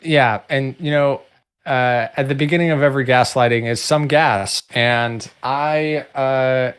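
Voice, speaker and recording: A young man co-hosting a casual livestream, joking in a dry, deadpan way. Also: medium pitch, unhurried, clean tone. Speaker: co-host.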